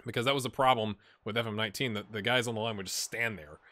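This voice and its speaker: A man casually talking through a sports management game, thinking aloud and breaking into excited play-by-play. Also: lowish voice, fast, no echo. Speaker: gaming channel host. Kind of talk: casual gameplay commentary.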